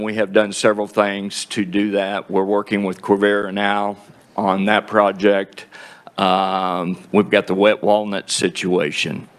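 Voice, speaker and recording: A man gives committee testimony in a slow, halting, plain-spoken way. His voice sits low, and he pauses to clear his throat between phrases. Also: a bit bright. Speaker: groundwater district representative testifying.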